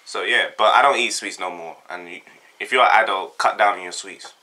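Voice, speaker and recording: Laid-back South London young man, bright tone. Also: deep voice, brisk. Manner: laid-back, jokey, rambling with slang. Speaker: vlogger. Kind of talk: casual chat, answering a tag.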